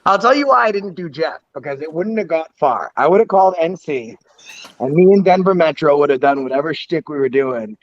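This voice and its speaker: A man's voice: a little high, expressive, fairly quick, no echo. Laughing man on lo-fi stream audio. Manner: laughs often, tells stories animatedly. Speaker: prank call show co-host. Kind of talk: casual chat.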